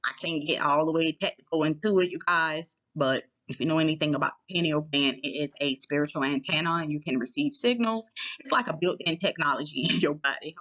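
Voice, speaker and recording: A woman's voice: sits low, fairly bright tone, lo-fi sound. A woman telling a personal story to her viewers in a casual, chatty way, often checking in with them as she goes. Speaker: vlogger.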